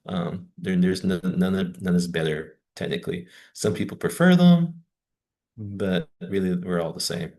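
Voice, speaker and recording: A man with a Southern American accent talks through his slides in a loose, chatty lecture. His voice sits very low with a gravelly fry. He keeps it conversational and drops in wry asides. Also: animated, a little slow, mellow. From Southern United States. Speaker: teacher trainer.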